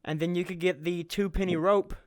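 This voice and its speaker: A man's voice: sits high, steady tone, fairly quick, no room sound. A man hosting a casual podcast chat, rambling and laughing as he tells a story. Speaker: podcast host.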